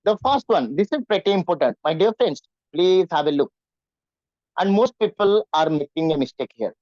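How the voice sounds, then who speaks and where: A man's voice: fairly high pitch, lively intonation, normal speed, darkish tone, dry recording, dull audio. A man teaching in an online class, often asking his students questions. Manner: repetitive, questioning students, acts out nervous voices. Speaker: English teacher.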